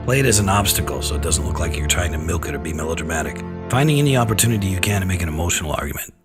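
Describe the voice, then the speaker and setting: A man's voice: low voice, animated, very fast, over loud music. A man who directs films hosts a radio advice segment for actors, talking frankly and wryly. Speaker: film director and acting coach, radio segment host.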